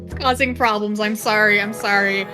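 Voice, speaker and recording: A woman's voice: mid-range voice, steady tone, normal speed, over music. A woman co-hosting a game stream, bantering in a joking, playfully defensive way.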